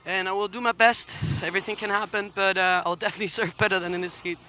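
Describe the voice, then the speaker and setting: A woman from the Canary Islands, a competing athlete, gives an emotional post-heat interview at a beach contest, halting and apologetic, close to tears and laughing through her nerves. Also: medium pitch, fairly even intonation, bright, forceful tone, a little hiss or hum.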